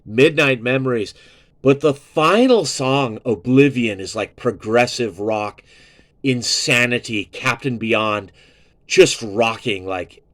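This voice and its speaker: Gushing and profane, a male music reviewer hosts an informal album review and keeps restating how much he loves it. His voice is medium in pitch, and there's no echo.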